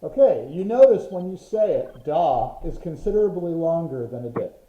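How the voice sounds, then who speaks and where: A man's voice: on the high side, big pitch swings, moderate pace, a crowd in the background. A man teaching a Morse code class online, patiently explaining and sounding out rhythms. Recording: roomy, dull lo-fi sound.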